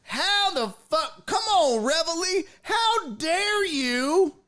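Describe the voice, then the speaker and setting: Profane, unhurried sports-talk man. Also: extremely high pitch. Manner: profane, animated, mocking. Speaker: sports podcast host. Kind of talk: casual sports rant.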